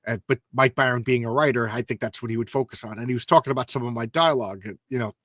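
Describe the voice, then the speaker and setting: A man's voice: mid-range voice, fast talker, fairly bright tone, dry recording, clean studio sound. A man hosting a casual comic book reading show, talking with enthusiasm, rambling and often stumbling over his words. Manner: enthusiastic, rambling, stammering restarts.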